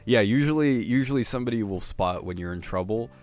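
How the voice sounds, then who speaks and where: A man's voice: lowish voice, animated, fast talker, darkish tone, soft background music. A young man hosting casual anime commentary, rambling with many fillers and restarts.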